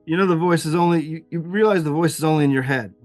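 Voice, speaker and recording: Rambling, fairly high-voiced male game master. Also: fast, no room sound, soft background music. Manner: rambling, laughs often, many fillers. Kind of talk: narrating a tabletop game.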